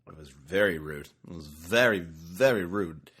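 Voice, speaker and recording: A man co-hosting a podcast in casual chat, joking around and dropping into quick impressions. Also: low-pitched, a bit bright, breathy edge. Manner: chatty, quick to joke and do impressions. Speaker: podcast co-host.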